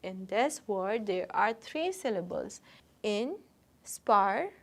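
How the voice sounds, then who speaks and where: A woman teacher talks students through a recorded lesson. She is patient and instructive, and she often repeats a word slowly so learners can follow. Her voice sits at an ordinary middle pitch.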